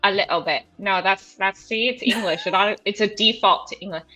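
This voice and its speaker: A woman's voice: medium pitch, fairly quick, sharp tone, low-quality recording. A young woman co-hosting a paranormal live stream in casual, giggly chat with self-deprecating asides. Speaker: paranormal podcast co-host. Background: faint rock music.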